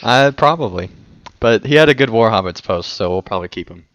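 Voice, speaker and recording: Low-voiced easygoing man on a call. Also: expressive, a little fast, fairly bright tone, no echo. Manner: easygoing, laughs often. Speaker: podcast host. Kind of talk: casual podcast chat. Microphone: online voice call. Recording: muffled dry online call audio.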